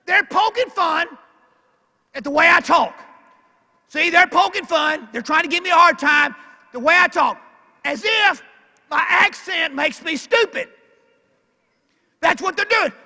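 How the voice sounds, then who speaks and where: High, bright-voiced older Southern man orating. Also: a little slow, pauses often. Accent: Arkansas Southern. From Arkansas. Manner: emphatic, calling out lines loudly, folksy. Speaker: keynote speaker. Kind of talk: motivational banquet speech. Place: large banquet hall. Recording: echoey banquet hall with long reverb.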